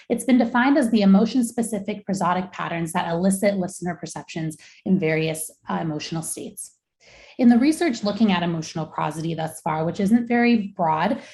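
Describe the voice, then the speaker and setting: Young adult woman researcher, low gravelly voice, measured academic lecture delivery, echoey room. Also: a little mellow. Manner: measured, explanatory. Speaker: researcher giving a talk.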